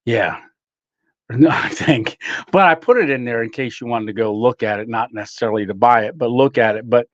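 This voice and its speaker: A man's voice: medium pitch, quick pace, dry recording, lo-fi sound. A man hosting a casual camping livestream from his home studio, chatting with viewers, greeting them by name and laughing often. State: slightly out of breath. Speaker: livestream host.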